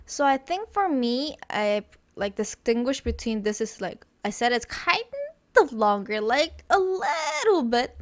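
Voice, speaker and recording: A woman whose first language is Korean teaches pronunciation in English at a very slow, deliberate pace. She stretches each example sound, says it again and again, and fills the gaps with fillers. Her voice is dry and close, with little room sound. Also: a little high, no echo. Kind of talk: slow, repetitive pronunciation lesson.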